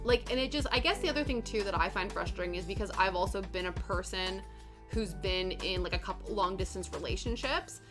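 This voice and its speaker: A woman's voice: mid-range voice, fairly quick. Chatty woman, crafting stream, reads chat aloud, acts out quotes, faint music bed. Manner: chatty, rambling, lots of "like" and acted-out quotes. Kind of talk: casual chat while cross stitching, reading chat. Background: soft background music.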